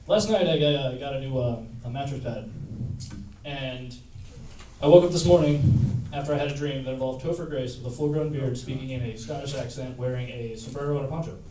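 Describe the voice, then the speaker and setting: A man at an open mic who tells a few halting jokes and then reads a poem in a coffee house. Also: mid-range voice. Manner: joking, halting, full of fillers. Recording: echoey room from far off, with noise.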